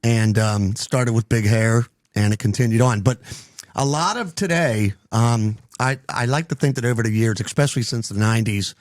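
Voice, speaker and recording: A man's voice: medium pitch, normal speed, no echo, studio quality. A middle-aged man hosting a casual podcast chat, rambling with lots of ums and restarts. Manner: rambling, many fillers and restarts. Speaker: podcast host.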